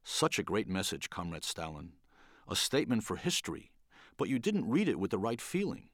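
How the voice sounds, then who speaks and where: A man plays a sly little tailor who leans in and murmurs his point on the quiet. The voice sits low and goes up and down with life. The sound is dry and close. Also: big pitch swings, moderate pace, no echo. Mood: confiding. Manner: whispering confidentially. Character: little old male tailor, sly and hushed.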